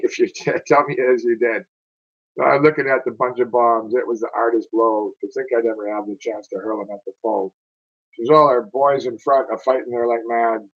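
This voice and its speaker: A man's voice: medium pitch, creaky, dull audio. A man reading verse aloud as a wounded male soldier telling his war story, in a rhythmic recitation.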